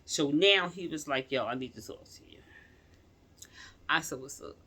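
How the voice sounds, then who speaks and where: A woman casually telling her viewers a personal story in slangy speech, swinging from loud outrage to quiet pleading. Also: low-pitched, normal speed, husky. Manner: slangy, addresses viewers as y'all.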